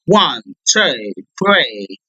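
A young man giving live commentary on his own gameplay, clearing his throat often and breaking into excited outbursts. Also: mid-range voice, very slow, muffled recording. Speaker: gamer streamer.

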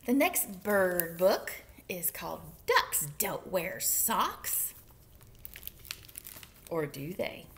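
Librarian lady doing story time, slow easy reading, gravelly voice, bouncy tone. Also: lowish voice, slight background noise. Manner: animated, playful, whispering asides. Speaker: children's librarian. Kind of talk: story time read-aloud.

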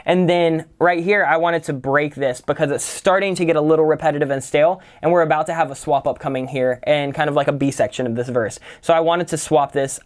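A man teaching songwriting in a casual tutorial, talking loosely and filling his sentences with "kind of" and "like". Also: fairly high pitch. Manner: relaxed, loose, full of "kind of" and "like".

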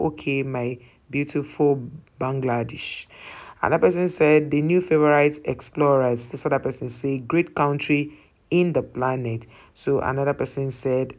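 A host talks casually through a list of viewer comments. Each comment is read aloud and then explained in plain, chatty terms. The voice sits at a middle pitch. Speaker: travel channel host.

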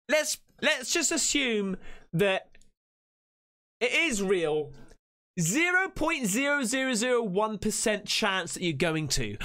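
A man's voice: sits high, sing-song, slow, sharp tone. A man hosting a reaction video, jumpy and freaked out, swearing and talking back at the clip. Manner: rambling, talks back at the clip. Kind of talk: casual reaction commentary.

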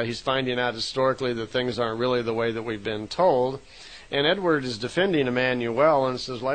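A man's voice: mid-range voice, rough recording. Man casually retelling a long story. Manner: relaxed retelling with frequent fillers and self-corrections. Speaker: lecturer retelling a contact story.

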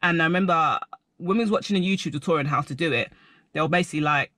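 A young man telling a rambling personal story to camera, animated and full of filler words. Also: on the high side, racing, no room sound. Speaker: vlogger.

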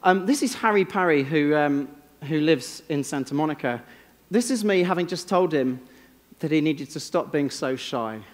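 Speaking in a slightly high voice, this English conference speaker delivers a keynote from the stage, full of dry, self-mocking anecdotes. A long echo from the big hall trails his delivery.

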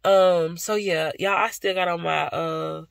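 A woman's voice: lowish voice, steady tone, unhurried, gravelly, no room sound. A young woman vlogging casually to her viewers, chatty and affectionate, tired after a day of work. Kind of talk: casual vlog chat to viewers.

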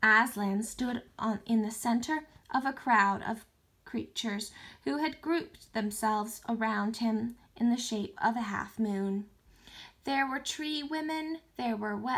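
A woman teacher reading a novel aloud for distance learning, expressive, with small slips and restarts. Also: a little high.

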